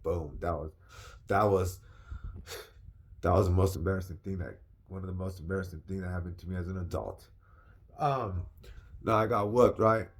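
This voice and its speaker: A young man casually telling a personal story, animated and slangy, repeating phrases for emphasis. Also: low voice. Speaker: vlogger.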